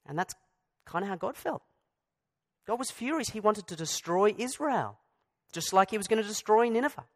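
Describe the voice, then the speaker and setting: A man preaching a sermon in a fairly high voice. He keeps it conversational, breaking off for asides and restarting sentences as he talks things through. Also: expressive, moderate pace, fairly bright tone. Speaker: pastor.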